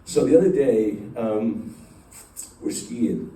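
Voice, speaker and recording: A man's voice: fairly low pitch, slow pace, mellow. A middle-aged man telling an emotional personal story to a group, rambling with many fillers and restarts. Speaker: speaker addressing a company group. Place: large room with a live group. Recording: echoey room, voice picked up from a distance.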